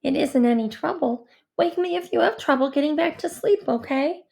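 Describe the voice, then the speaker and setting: A woman reading a novel aloud and voicing a proper, tidy grandmother who speaks in a polite, measured way. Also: sits high, vocal fry, a little mellow. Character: proper, tidy older grandmother, cool and reserved.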